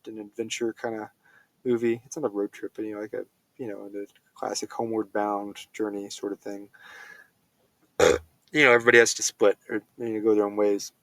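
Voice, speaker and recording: A man's voice: on the low side, fairly bright tone, dry recording. A man giving a casual spoken film review, rambling with many fillers and self-corrections.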